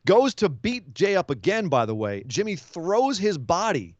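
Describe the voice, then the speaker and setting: Animated man recapping, dull dry sound. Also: high-pitched, moderate pace, no echo. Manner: animated storytelling, acting out quotes. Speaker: wrestling podcast host. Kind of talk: casual recap commentary.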